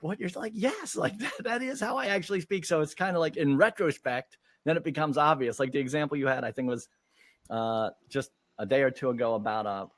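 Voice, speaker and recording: A man's voice: medium pitch, no room sound. A man hosting a casual interview, chatty with plenty of fillers and easy laughter. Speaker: podcast host.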